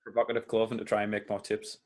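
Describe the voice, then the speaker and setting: A man's voice: fairly low pitch, monotone, fast, a little mellow, slight background noise. A man in a casual chat, cutting in with teasing jokes. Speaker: podcast co-host.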